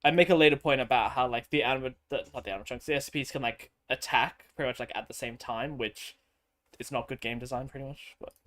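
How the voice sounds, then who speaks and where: A man's voice: mid-range voice, quick pace, fairly bright tone. A man streaming and chatting casually over gameplay, rambling and swearing freely. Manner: rambling, crude and profane.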